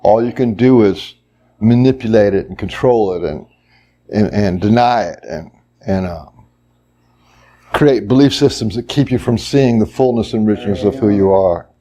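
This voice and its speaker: A man's voice: on the low side, mellow. A man leading a workshop and teaching the group, explaining step by step and acting out example voices. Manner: explains slowly, then acts out voices. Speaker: workshop leader. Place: workshop room.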